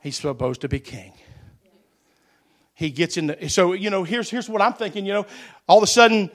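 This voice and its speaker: A middle-aged male pastor preaching a sermon, telling folksy stories that swell into shouted preaching. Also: high voice, moderate pace.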